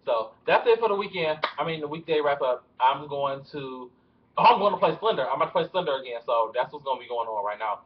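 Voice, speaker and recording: A man's voice: on the high side, lively intonation, fast, slight background noise. A young man rambling through celebrity gossip in a casual vlog, with nervous laughter, recorded with dull lo-fi webcam sound in a room at home. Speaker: vlogger.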